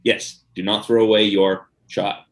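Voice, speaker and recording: A man's voice: lowish voice, little pitch movement, measured pace. A man co-hosting a podcast in casual chat, joking, laughing often and rambling with fillers. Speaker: podcast co-host.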